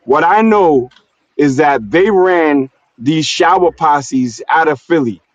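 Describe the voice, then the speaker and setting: Slangy new york guy talking loose on a stream, kinda high voice, muffled dry sound. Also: animated, slow, dry recording. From New York City. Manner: loose, slangy storytelling with frequent "you know what I'm saying". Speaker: stream host. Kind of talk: casual streamed conversation. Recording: dull, dry streamed audio.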